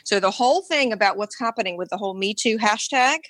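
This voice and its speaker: A woman's voice: medium pitch, quick pace, a bit bright, no echo. A woman guest author in an interview, explaining her ideas in a coaching way and checking that she is understood. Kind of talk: conversational interview.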